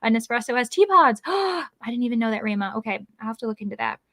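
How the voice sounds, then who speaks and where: A woman's voice: fairly high pitch, sing-song, quick pace, fairly bright tone, dry recording. A woman hosting a casual livestream, chatting and reading viewer comments aloud, with lots of "like"s and laughs. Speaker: livestream host.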